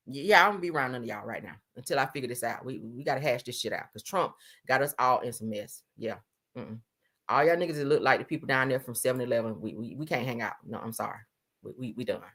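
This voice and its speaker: A woman's voice: rumbling low, bright, forceful tone. A woman from the US giving blunt, profane, sassy live-stream commentary, full of emphatic repeats.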